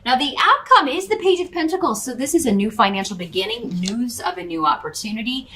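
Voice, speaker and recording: A woman's voice: a little high, expressive, a little fast, sharp tone, a little hiss or hum, low-quality recording. A woman giving a casual tarot reading, talking straight to the listener with a rambling, hesitant flow full of fillers and restarts. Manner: addresses the listener directly as a star sign. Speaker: tarot reader.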